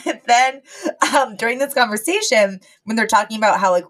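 A woman's voice: a little high, brisk, a bit bright. A woman co-hosting a podcast, chatting casually and acting out scenes from a sitcom episode with frequent laughter. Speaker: podcast co-host.

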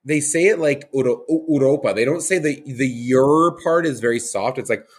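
A man's voice: mid-range voice, moderate pace, slightly rough. A man from Canada hosting a podcast, chatting in a casual, enthusiastic way. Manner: chatty and enthusiastic, with many fillers and restarts. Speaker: podcast host.

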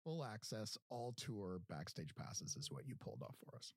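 Podcast host, male, animated storyteller, lively voice, dry sound. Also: fairly low pitch, moderate pace, no room sound. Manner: animated storyteller, acts out quotes. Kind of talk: casual storytelling chat.

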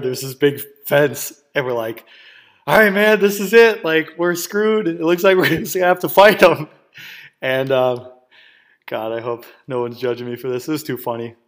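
Brief: male podcast host from Wisconsin, loose chatty storyteller, mid-pitched, lots of ums and laughs, swears freely. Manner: rambling, full of fillers, laughs and swearing. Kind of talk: casual storytelling.

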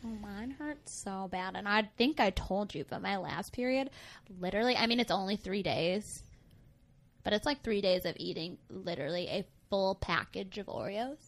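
A young woman co-hosting a podcast in casual chat, her voice sitting at a middle pitch. She tells her stories in a loose, rambling way, full of "like" and laughter, as she chats with a friend. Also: animated, moderate pace. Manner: chatty, laughing, many "like"s. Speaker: podcast co-host.

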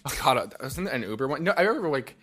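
A man's voice: medium pitch, sing-song, racing, fairly bright tone, husky, soft background music. A young man hosting a podcast, joking and swearing in a loose, rambling casual chat. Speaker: podcast host.

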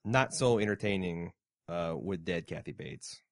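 A man's voice: deep voice, a little slow, no room sound, studio quality. A man co-hosting a casual podcast chat, joking around and reading listener mail aloud. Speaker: podcast co-host.

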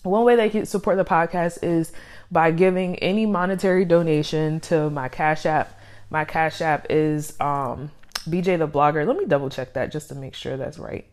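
A woman's voice: low voice, normal speed, darkish tone. A young woman hosting her own podcast, talking casually and a little out of breath, with lots of fillers and laughs. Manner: rambling, filler-heavy, laughs often. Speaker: podcast host. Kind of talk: casual solo podcast talk. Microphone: studio microphone.

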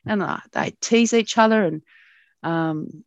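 A middle-aged Australian woman, a broadcast journalist, telling stories about her past in an animated way with frequent laughs. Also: medium pitch, slow, no echo, dull audio. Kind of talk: reminiscing in an interview.

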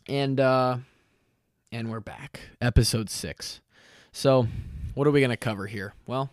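A young man hosting his own podcast in casual chat, tired and lightheaded from fasting, rambling and correcting himself with lots of fillers. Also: medium pitch, clear, resonant tone, no echo, clean studio sound. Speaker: podcast host. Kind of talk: casual solo podcast talk.

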